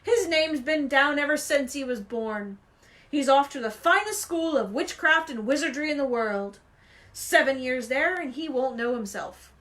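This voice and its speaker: A woman voicing a gruff, loud giant of a man with a booming, rough manner. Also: animated, moderate pace.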